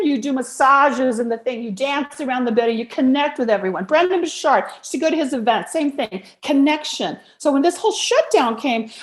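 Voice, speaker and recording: A woman with a high, bright-sitting voice coaches people on speaking, blunt and animated, with frequent laughs. She comes through a video call. The room around her rings with a noticeable echo. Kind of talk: casual interview chat.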